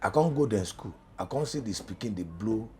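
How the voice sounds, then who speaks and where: A middle-aged man with a Nigerian accent, a journalism lecturer talking as a studio guest in pidgin, animated and emphatic. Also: on the low side, a little fast, slight background noise. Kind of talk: studio talk show in pidgin.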